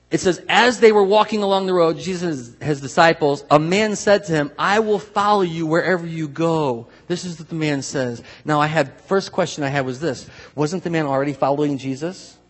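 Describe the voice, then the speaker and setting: A male pastor delivers a conversational sermon, swinging between loud, animated bursts and quieter reflective stretches. His voice sits a little high and carries a husky edge. The sound rings with the long reverb of a large hall.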